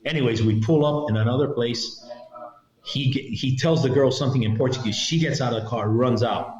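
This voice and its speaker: Being interviewed on a podcast, a middle-aged former federal agent animatedly recounts a story, performing the other characters' lines. His mid-range voice moves briskly, and the audio sounds roomy and somewhat dull.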